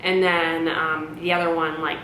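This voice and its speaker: A young woman vlogs a personal story in a candid, rambling way, peppering it with "like" and "you know." Her voice has a bright, forceful edge. The room is echoey, with a faint low rumble underneath. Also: flat delivery, measured pace. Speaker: vlogger. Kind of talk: storytime vlog.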